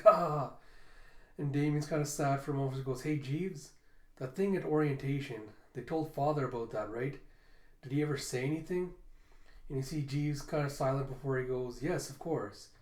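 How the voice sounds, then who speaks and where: A man's voice: medium pitch, a little mellow, roomy sound. A man casually reviewing a manga chapter, reading out the characters' lines in his own voice and often breaking into laughter. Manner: retells the story, breaking into laughter. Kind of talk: casual reaction recap reading lines aloud.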